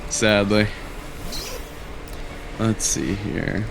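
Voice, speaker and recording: A man's voice: fairly low pitch, fairly even intonation, very slow, creaky, noisy background. A man from the USA, a fellow streamer, chatting enthusiastically and laughing easily on a game call. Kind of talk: casual gaming chat.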